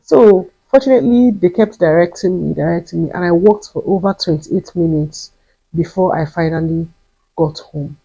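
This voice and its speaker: A young Nigerian woman with a Nigerian accent and a slightly husky voice, telling a personal story on her vlog with emphatic repetition and bits of pidgin. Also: lowish voice, normal speed, warm tone, dull audio. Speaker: vlogger.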